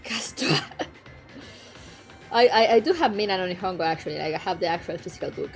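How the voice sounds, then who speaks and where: A woman's voice: fairly low pitch, expressive, normal speed. Frank, chatty young woman streamer. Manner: chatty, frank, swears freely, laughs often. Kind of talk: casual chat. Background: faint background music.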